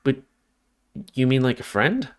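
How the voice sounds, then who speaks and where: A man voicing a frightened, confused young male lynx in a visual novel, asking halting, pleading questions. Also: mid-range voice, sing-song, pitched above the performer's own voice.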